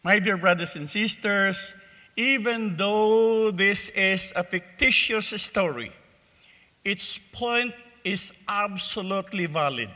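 A male preacher tells a parable to his congregation at a very slow, measured pace, in a high, strikingly bright voice. His words ring out with a long reverb from a large church. He tells the story in a deliberate way. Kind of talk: sermon with a told parable.

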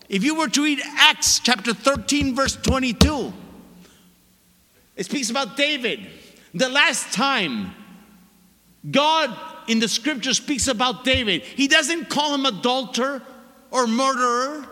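A Catholic priest in his sixties delivers a sermon as an animated, expressive storyteller, laughing and driving his points home by repeating them emphatically. His pitch is extremely high, and the recording carries the long reverb of a large hall.

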